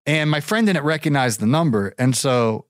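A man from Ohio, a regular on the show, tells a rambling story in a casual, animated way, pitching his voice up for quoted lines. He talks at normal speed, and the studio-quality recording has no echo.

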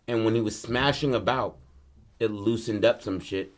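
A man casually pitching a film story, acting out the characters' lines, swearing freely and rambling with restarts. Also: normal speed. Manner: loose, rambling, many restarts and fillers.

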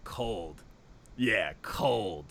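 Low-voiced man, animated slangy chatter. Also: drawn-out words, vocal fry. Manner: animated, swearing, repeats words. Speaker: podcast co-host. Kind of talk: casual music review chat.

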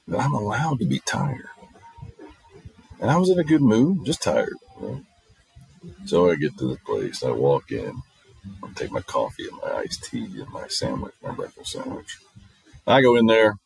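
A man's voice: fairly low pitch, very animated, normal speed, pauses often, darkish tone, no echo, low-quality recording. A middle-aged man hosting a casual monologue, telling stories in a blunt, profane way. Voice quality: gravelly, husky. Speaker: podcast host.

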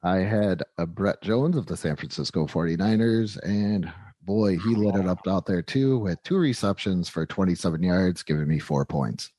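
A man's voice: deep voice, moderate pace, dark tone, no room sound. A man co-hosting a casual sports podcast, wry and self-mocking as he reads out his team's stats. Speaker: podcast co-host.

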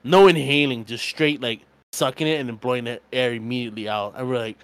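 A young man on a podcast, telling a story full of swearing and slipping into lively voices whenever he quotes someone. The sound is close and dry, with little room around it. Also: medium pitch, fast talker, smooth, no echo. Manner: swearing, storytelling, animated quoting. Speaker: podcast co-host. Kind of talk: casual chat.

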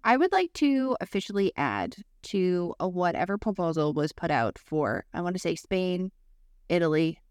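A young woman co-hosting a casual podcast, telling a story with lively, swearing asides and acted-out quotes. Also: on the low side, moderate pace, clear, resonant tone, dry recording, clean studio sound. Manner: lively, swears freely, acts out quoted voices. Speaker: podcast co-host.

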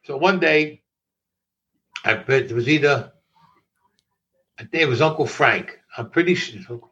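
An older man telling stories in an interview, animated, laughing often and swearing freely. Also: mid-range voice, measured pace, dull audio. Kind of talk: storytelling in conversation.

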